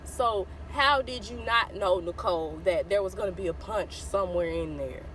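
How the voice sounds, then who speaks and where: A woman with a Southern US accent telling a childhood story to her viewers in a casual, animated way, acting out the voices of the people in it. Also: medium pitch, moderate pace, slight background noise, poor audio. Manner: animated, addresses viewers as y'all, acts out quoted voices.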